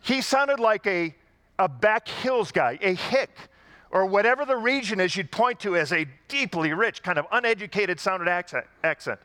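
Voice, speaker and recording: A man's voice: sits high, expressive, moderate pace, pushed and bright, dry recording. A man preaching a sermon to a congregation, in a conversational style with rhetorical questions and emphatic repetition. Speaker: pastor.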